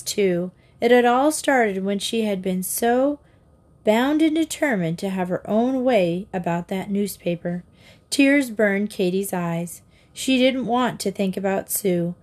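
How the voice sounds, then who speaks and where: A woman narrating a children's storybook in a calm, measured reading. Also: mid-range voice. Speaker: audiobook narrator.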